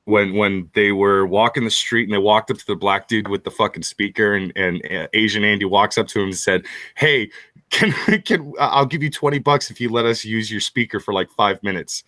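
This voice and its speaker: A man on a casual live-stream group chat, telling stories excitedly, swearing a lot and laughing. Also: on the low side, brisk, no room sound.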